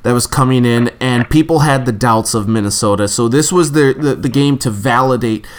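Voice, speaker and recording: A man's voice: mid-range voice, normal speed. A man hosting a casual sports podcast, easygoing and steering the talk between segments. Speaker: podcast host.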